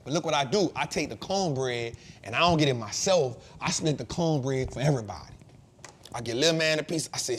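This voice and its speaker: A man in his thirties hosting a show, telling a casual story in an animated, slangy way that swings from loud to hushed. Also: mid-range voice, fairly quick, slight background noise. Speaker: host.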